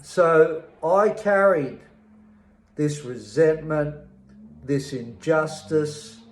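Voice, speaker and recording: A middle-aged Australian man tells his life story as personal testimony, speaking slowly and deliberately with a bitter edge, pressing hard on his words and pausing often. His voice is a little higher than most men's, and it echoes as if recorded in a bare room.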